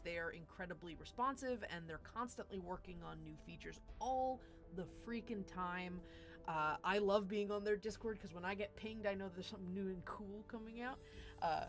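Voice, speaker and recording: A woman hosting a tabletop game stream, chatting casually through sponsor reads with lots of fillers and restarts. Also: medium pitch. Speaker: dungeon master and show host.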